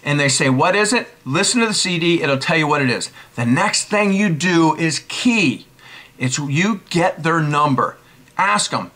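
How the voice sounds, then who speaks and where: A man in his forties giving casual sales coaching, brisk and emphatic, repeating his key points. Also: fairly high pitch, lively intonation, pushed and bright. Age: 40s. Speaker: network marketing coach. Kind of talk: casual instructional talk.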